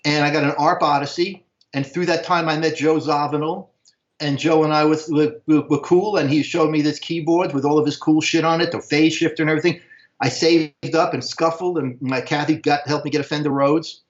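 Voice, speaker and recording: Older american man, slightly high voice, rambling slangy storytelling, roomy dull stream audio. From United States. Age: 60s. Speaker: interview guest. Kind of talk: casual storytelling.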